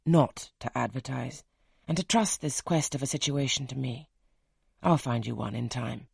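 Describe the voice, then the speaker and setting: A man with a husky voice reading the part of a brusque, teasing wealthy gentleman in an audiobook, gruff and commanding. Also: medium pitch, normal speed, no echo, clean studio sound, full character voice.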